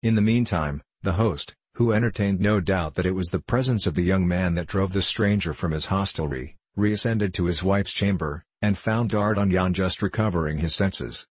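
A man narrating a classic novel in a measured, formal storytelling manner. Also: low voice, breathy edge, no echo. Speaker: audiobook narrator.

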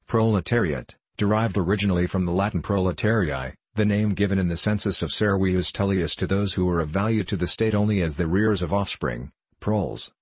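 A man reading a novel aloud in a steady, measured narration. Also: low voice, breathy edge, no room sound. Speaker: audiobook narrator. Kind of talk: scripted narration.

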